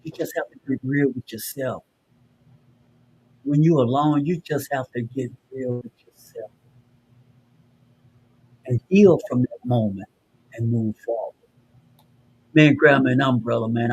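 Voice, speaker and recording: Husky earnest man preaching motivation. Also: medium pitch, steady tone, moderate pace, pauses often. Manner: earnest, preachy, rambling with restarts. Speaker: podcast co-host. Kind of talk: motivational talk.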